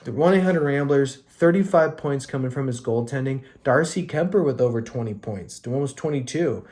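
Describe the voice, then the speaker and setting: On a laid-back fantasy hockey podcast, a young man with an easygoing, mid-pitched, somewhat dark voice loosely runs through the week's scores and cusses freely. Now and then he slips into mock rants directed at his league mates.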